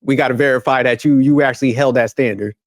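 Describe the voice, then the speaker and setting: A man's voice: mid-range voice, steady tone, fast talker, dry recording. Heated profane man ranting, dry sound. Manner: heated, blunt, profane street-slang rant. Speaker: commentary channel host. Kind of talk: reaction rant commentary.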